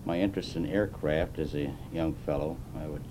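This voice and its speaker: Very deep-voiced man in his seventies. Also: fairly even intonation. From Chicago, USA. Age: 70s. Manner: unhurried, rambling with fillers. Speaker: interviewee, retired car designer. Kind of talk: oral history interview. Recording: noisy 1980s tape with rumble.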